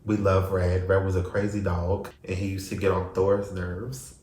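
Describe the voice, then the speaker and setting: Young male vlogger, low voice, emotional storytelling, roomy echo. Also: little pitch movement, moderate pace, a little mellow, slight background noise. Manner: rambling, emotional, swings from crying to laughing. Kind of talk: casual storytelling to camera.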